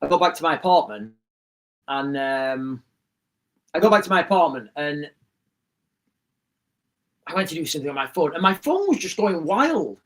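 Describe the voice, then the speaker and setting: A man's voice: fairly high pitch, sing-song, normal speed, long pauses, a bit bright. A middle-aged man, hosting a livestream and telling a rambling story to his chat with many restarts. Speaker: livestream host. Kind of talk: casual storytelling to a live chat.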